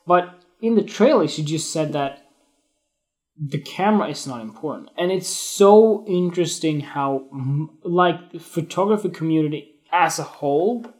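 A man's voice: a little high, animated, measured pace, a little mellow. A man hosting a casual photography talk on a live stream, candid, swearing often, restarting his sentences and growing emotional. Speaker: photography podcast host. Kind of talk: casual spoken monologue on Instagram Live.

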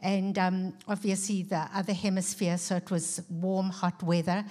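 A middle-aged woman with a South African accent speaks to a church congregation. She tells a personal story earnestly and fills her pauses with soft ums. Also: on the low side, little pitch movement. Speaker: guest speaker and author. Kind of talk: personal testimony in a church service.

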